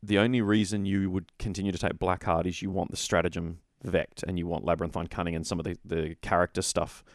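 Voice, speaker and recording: Low-voiced guy rambling about wargame rules, keeps restarting sentences, dry close sound. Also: little pitch movement, quick pace, dry recording. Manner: rambling, self-correcting, opinionated. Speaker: podcast co-host. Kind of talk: casual tabletop wargaming chat.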